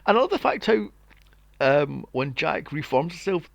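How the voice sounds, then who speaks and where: A man hosting a podcast, recapping a film in casual chat, animated and sweary, acting out scenes in mocking voices. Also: a little high, a little slow, gravelly, lo-fi sound, a little hiss or hum. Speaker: podcast host. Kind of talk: casual movie review chat.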